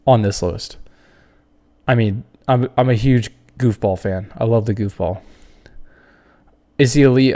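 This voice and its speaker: A man's voice: mid-range voice, a little mellow. Guy doing a sports tier list, heated rants, swears a bit, mid-range voice. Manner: opinionated, fired-up ranting with cursing. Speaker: podcast host.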